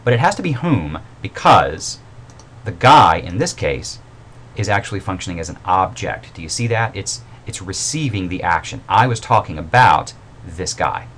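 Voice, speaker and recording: A man's voice: low voice, sing-song, moderate pace, a bit bright, breathy edge. A man who teaches writing, giving a recorded mini-lecture in an informal, explanatory way, with fillers and self-corrections. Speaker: writing instructor.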